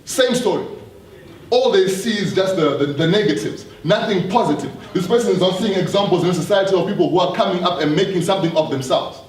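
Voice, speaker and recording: A man gives an earnest talk to a live audience, repeating words and repeatedly asking the room questions. His voice is fairly high for a man, a little mellow and fairly quick, carrying through a roomy hall. It is captured from a distance with a faint hiss underneath.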